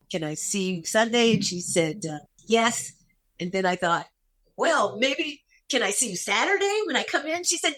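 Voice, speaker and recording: A woman's voice: mid-range voice, fairly bright tone. An older woman, a guest actress, telling a personal story in a podcast interview, emotional and repeating phrases for emphasis.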